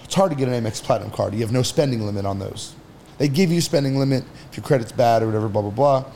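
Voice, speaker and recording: A man's voice: mid-range voice, fast talker, dark tone, slight background noise. A man on a podcast as an entrepreneur guest, talking casually and bluntly, with some swearing, while he gives advice. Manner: blunt, profane, advice-giving.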